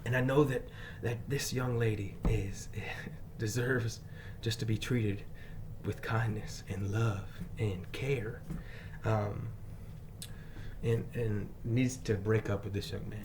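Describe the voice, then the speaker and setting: A male teacher telling a personal story in an emphatic way, moving between loud bursts and quiet asides. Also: lowish voice, steady tone, slow pace, noisy background. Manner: frequent fillers and restarts.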